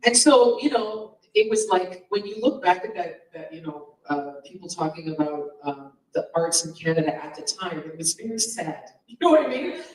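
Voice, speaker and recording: A woman's voice: lowish voice, animated, moderate pace, hardly any pauses. A woman who founded a comedians' association, giving a rambling, chatty speech at a union meeting with asides and little laughs. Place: meeting hall in a comedy club. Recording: roomy and from far off.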